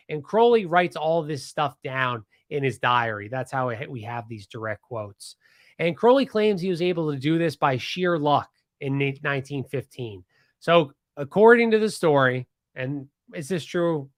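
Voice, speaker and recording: A man from Pennsylvania tells a history story on his podcast in a casual, animated way, full of restarts and asides. His voice sits a bit high for a man. The recording is dry and close, with no room sound. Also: normal speed, dry recording. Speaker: podcast host.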